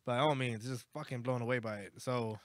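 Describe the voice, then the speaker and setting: A man's voice: mid-range voice, steady tone, a little fast, no echo, clean studio sound. A man co-hosting a casual beer-tasting podcast, swearing freely and laughing easily as he chats. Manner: profane, laughing, easily flustered. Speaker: podcast co-host. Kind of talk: casual chat over beers.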